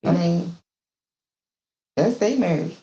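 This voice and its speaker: A woman guest on a live podcast, speaking in a measured way and reluctant to judge. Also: lowish voice, animated, warm tone, lo-fi sound, slight background noise. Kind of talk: casual live podcast chat.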